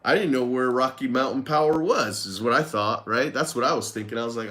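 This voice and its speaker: A man telling a personal story straight to the camera in a loose, rambling way. His voice sits at an ordinary middle pitch. He is candid and now and then swears. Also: fairly quick, few pauses, a bit bright. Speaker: lawn care business owner. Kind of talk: casual storytelling vlog.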